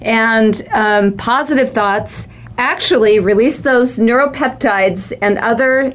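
A woman's voice: a little high, takes it slowly. A middle-aged woman hosting a talk show, chatting conversationally with her guest. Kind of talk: casual chat.

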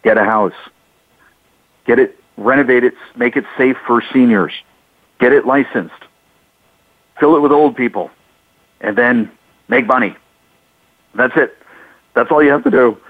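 A man's voice: medium pitch, measured pace, pauses often, no room sound. A man co-hosting a talk radio show, recounting anecdotes and slipping into the voices of the people he quotes. The sound is thin and phone-like, with a very dry, close feel and no room around it. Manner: storytelling, acts out callers' lines. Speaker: co-host.

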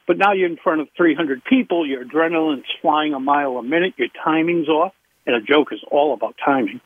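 A man, a public speaking coach, talking in an interview with emphatic, animated leaps in pitch. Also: fairly quick. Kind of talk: interview talk. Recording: tinny phone line.

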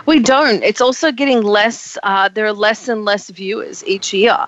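A woman hosting an entertainment talk show, her voice croaky and hoarse from the flu, talking in a sardonic, opinionated way. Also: mid-range voice, steady tone, normal speed, fairly bright tone, lo-fi sound. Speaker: host. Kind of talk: casual chat.

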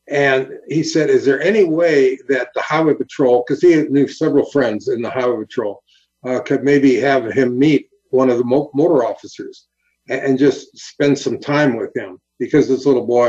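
A former highway patrol officer tells a story in an interview, earnest and animated, acting out the quotes himself. The sound is lo-fi.

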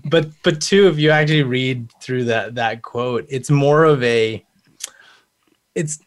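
A man's voice: mid-range voice, unhurried. A man speaking as a panel guest in casual, conversational talk, thinking aloud as he goes. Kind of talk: casual chat.

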